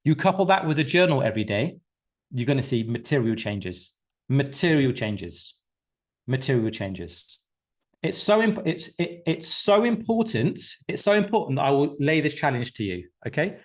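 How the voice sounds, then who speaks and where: A man's voice: mid-range voice, big pitch swings, moderate pace. Emphatic, swearing male coach on a call. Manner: emphatic, repetitive, swears casually. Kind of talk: live group coaching call.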